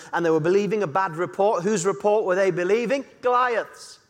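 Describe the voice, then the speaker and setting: A man preaching an impassioned sermon that builds to shouting. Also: sits high, a little fast. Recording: echoey hall reverb.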